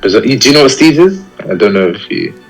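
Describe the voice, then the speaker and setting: Relaxed young guy, lowish voice. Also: fast talker, gravelly, faint music behind, low-quality recording. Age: young adult. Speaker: caller on stream. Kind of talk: casual call chat.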